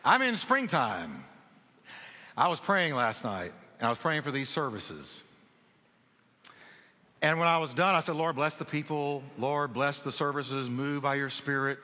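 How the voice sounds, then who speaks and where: A man preaching a sermon as pastor, swinging between loud exhortation and hushed, low storytelling. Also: expressive, unhurried. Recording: long hall reverb.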